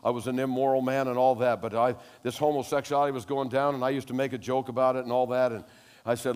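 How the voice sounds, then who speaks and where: An older man preaching a sermon as pastor, telling animated stories that rise to loud exclamations. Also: mid-range voice, fast talker, clean tone, in a large hall.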